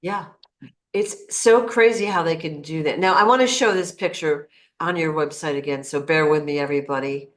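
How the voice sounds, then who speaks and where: A woman with a notably low-pitched voice hosts a relaxed interview. She backs up her guest with frequent yeahs and talks viewers through what she shows. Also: moderate pace. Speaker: interview host. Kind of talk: casual interview talk.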